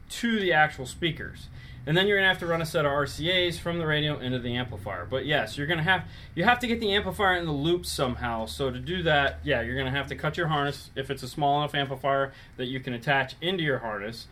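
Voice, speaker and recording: A man with a fairly high voice hosts a casual live stream. He answers car audio questions step by step. He often stops and corrects himself as he goes. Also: pushed and bright. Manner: rambling, self-correcting, explains step by step. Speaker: car audio show host.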